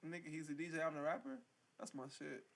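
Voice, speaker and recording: Fast-talking man on a casual podcast. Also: on the high side, steady tone, creaky. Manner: fast, joking interjections. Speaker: podcast co-host. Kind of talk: casual chat.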